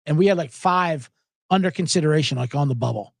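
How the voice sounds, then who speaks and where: A man hosting a podcast, chatting casually and rambling through stories, acting out other people's lines in loud, higher voices. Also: fast talker, gravelly, dry recording. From South Jersey, USA. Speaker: podcast host. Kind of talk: casual chat.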